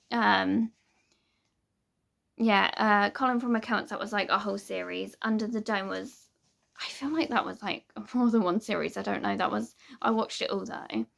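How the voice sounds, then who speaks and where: A woman's voice: mid-range voice, creaky, fairly bright tone. A young woman chatting casually to camera as a vlogger, rambling with lots of ums and little laughs.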